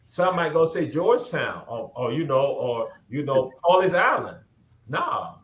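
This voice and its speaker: A man's voice: fairly high pitch, big pitch swings, measured pace, a bit bright, reverberant. A man with a Gullah Geechee Southern accent hosting a talk show, lecturing in a rousing, preacher-like way and driving points home with repeated calls of "guess what.". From Southern United States, Gullah Geechee. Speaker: host.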